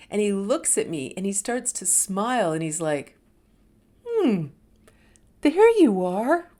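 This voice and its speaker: A woman in her fifties speaks as host of a reflective talk. She tells her own story candidly, letting her voice sink into quiet, low stretches and then lift with emphasis. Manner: candid and expressive, dropping to soft murmurs and rising with emphasis. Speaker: host sharing a personal story.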